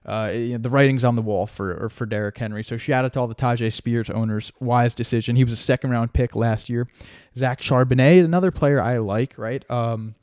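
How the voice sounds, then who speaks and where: A young man hosting a solo sports podcast, talking in a loose, excitable way and tossing in frequent "right?" and "man". His voice is warm and mellow, recorded close and dry with little room sound. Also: mid-range voice, dry recording. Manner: excitable, chatty, lots of fillers and "man", "right?". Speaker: podcast host.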